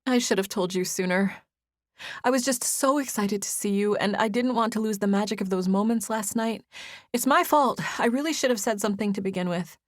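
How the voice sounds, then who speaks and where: A woman voicing a tearful, breathy young woman. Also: medium pitch, fairly quick, dry recording, studio quality, voice pushed up, natural voice. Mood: tearful confession. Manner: breathy and apologetic, words tumbling out. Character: tired, nervous young woman on the verge of tears. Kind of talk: audiobook character voice.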